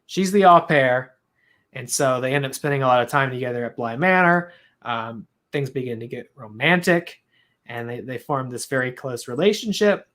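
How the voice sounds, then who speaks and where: A man's voice: mid-range voice, expressive, normal speed, fairly bright tone. A man co-hosting a podcast, rambling in casual chat, often restarting his sentences. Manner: rambling, self-interrupting, laughs at his own attempts at accents. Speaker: podcast co-host.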